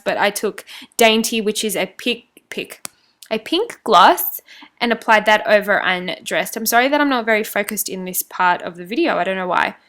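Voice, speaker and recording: A woman's voice: medium pitch, bright, forceful tone. A young woman giving a chatty, rambling voice-over for a makeup tutorial, joking about her own slips. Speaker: beauty vlogger.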